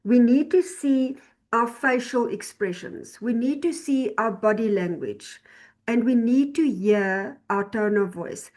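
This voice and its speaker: A woman with a fairly high voice teaches an online class over a video call. She talks slowly and deliberately, explaining each point and often repeating or restarting her phrases. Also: darkish tone.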